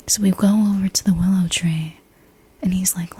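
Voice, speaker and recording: A woman's voice: on the low side, fairly even intonation, a little fast, warm tone, breathy edge. A young woman telling a personal story in a whispered ASMR voice, casual and rambling, with the odd swear word. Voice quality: unvoiced whisper. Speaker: ASMR creator.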